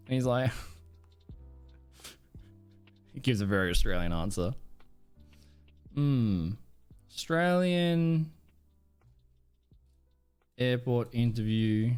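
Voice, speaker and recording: A male streamer talks off the cuff, wandering between thoughts and swearing freely. His pitch jumps around a lot as he reacts. A faint bit of music sits behind him. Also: animated, takes it slowly, long pauses, darkish tone, smooth. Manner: rambling, swears often, laughs a lot. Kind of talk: casual live-stream reaction chat.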